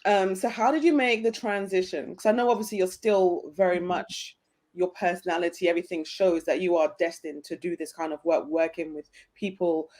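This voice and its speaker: A woman's voice: lowish voice, fairly even intonation, moderate pace, a little mellow. A woman hosting an interview, affirming her guest's story and asking follow-up questions. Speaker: interview host.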